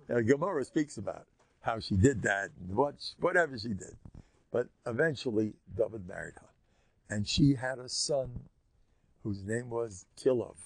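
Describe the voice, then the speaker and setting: An older man, a rabbi giving a Torah class, retelling a story in an animated, colloquial way with Hebrew and Yiddish terms mixed in. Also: mid-range voice, a little slow.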